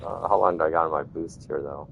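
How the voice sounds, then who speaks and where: A man's voice: rumbling low, fast talker, creaky, narrow, tinny audio, slight background noise. A middle-aged man giving casual, rambling commentary while playing a video game, dropping "man" and "yo" as he goes. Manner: rambling, laid-back, says "man" and "yo". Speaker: gaming channel host.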